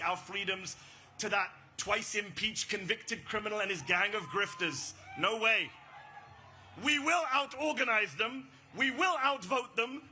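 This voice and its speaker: A man giving an impassioned, rousing protest speech at an outdoor rally, shouting slogans and leading call-and-response. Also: sits high, a little hiss or hum. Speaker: rally speaker.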